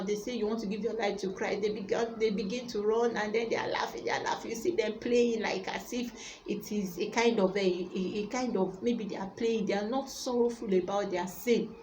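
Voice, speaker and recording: A woman preaching with a mellow, warm tone and a faint hum of background noise. She speaks emphatically and repeats key words as she talks directly to her listeners. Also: medium pitch, rough recording. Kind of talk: sermon with a retold Bible story.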